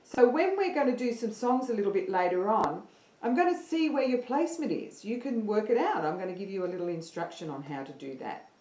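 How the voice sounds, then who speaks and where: An upbeat woman leads an online singing class and counts her students in. Her pitch moves a lot as she talks. Her voice echoes around a roomy space. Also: expressive, brisk, darkish tone. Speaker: singing teacher. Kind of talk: online singing lesson livestream.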